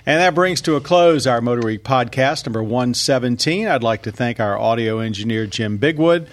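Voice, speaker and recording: A man's voice: mid-range voice, animated, normal speed. Breathless man hosting a podcast. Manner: chatty, laughs often, wraps up with thanks. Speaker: podcast host. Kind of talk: casual roundtable chat.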